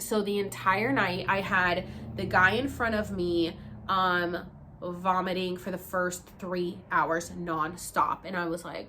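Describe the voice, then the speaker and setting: A young woman vlogger telling a personal story in a casual, animated way, swearing freely and acting out what other people said. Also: on the low side, takes it slowly, a little hiss or hum.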